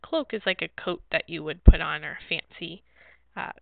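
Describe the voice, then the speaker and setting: A woman teacher slowly and clearly walking children through a phonics word sort, explaining each word. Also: sits low, no echo. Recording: dry, phone-like narrow sound.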